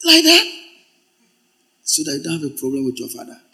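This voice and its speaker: A man preaching a sermon as pastor, swinging from loud exclamations to quiet asides. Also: fairly high pitch, wildly swooping pitch, a little fast, gravelly, breathy edge.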